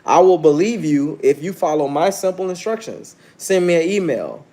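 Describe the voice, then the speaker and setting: Man, 30s, livestream host; brash and preachy, slightly high, very animated pitch. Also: normal speed. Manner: brash, preachy, challenges chat viewers directly. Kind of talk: casual livestream monologue.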